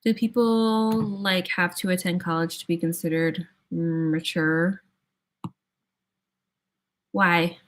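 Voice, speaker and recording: A woman's voice: fairly low pitch, fairly even intonation, slow pace, pauses often. A young woman hosting a casual livestream, chatting with viewers, laughing often and thinking aloud with plenty of "like"s. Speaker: livestream host. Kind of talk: casual chat answering viewers.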